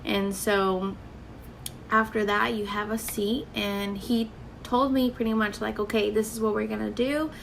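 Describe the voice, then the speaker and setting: Young woman vlogger, casual storyteller, slight vocal fry, light background hiss. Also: mid-range voice, steady tone, a little slow, low-quality recording. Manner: chatty, filler-heavy, quotes others in dialogue.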